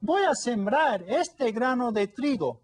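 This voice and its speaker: A man's voice: expressive, measured pace, slightly rough, heavily acted. A man voicing a small, earnest, hard-working little red hen in a read-aloud storybook. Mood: pleading. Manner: high pleading storybook voice.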